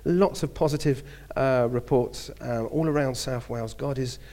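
Cockney preacher in his fifties, mid-pitched, chatty and storytelling, trips over his words. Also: moderate pace, warm tone. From southeast London. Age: 50s. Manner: chatty storytelling with hesitations and restarts. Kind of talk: sermon.

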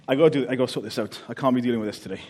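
A Welsh man from Wales preaches a casual, joking sermon in a mid-range, darkish voice, speaking very fast. He's chatty and keeps checking in with the congregation by asking "okay?"

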